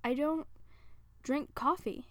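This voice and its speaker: Woman reading a tired shy guy scientist, soft and mumbly, halting. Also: high-pitched, steady tone, no echo. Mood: quiet, weary. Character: shy weary male scientist, soft-spoken.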